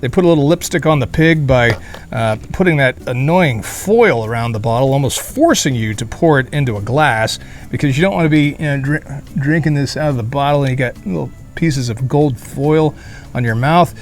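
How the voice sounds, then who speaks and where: An animated beer reviewer speaks at normal speed and middle pitch while sweating in a hot outdoor beer garden. Hosting his channel vlog-style, he rambles with joking asides and filler words.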